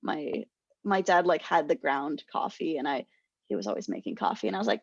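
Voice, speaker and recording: A woman's voice: fairly low pitch, quick pace, vocal fry, slightly rough, dry recording. Chatty young woman, dull lo-fi sound. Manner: chatty, laughs often, animated storytelling. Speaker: podcast co-host. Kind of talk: casual chat.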